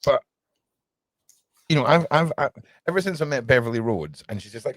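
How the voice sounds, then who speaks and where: A man hosting a casual livestream chat, rambling and joking excitedly. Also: mid-range voice, brisk, long pauses, no echo. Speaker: podcast host.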